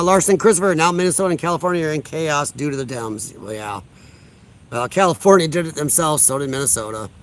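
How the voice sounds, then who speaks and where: A man from Illinois hosting a casual livestream outdoors on a deck, reading chat aloud in a blunt, combative, sarcastic way. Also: a little high.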